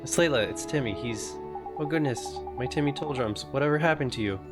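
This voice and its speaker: A woman's voice: rumbling low, a little fast. A woman voicing a kindly, motherly woman who frets and dotes, from a video game. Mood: worried. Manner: fretful and doting. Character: kindly motherly woman, fussing over her cat. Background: game music.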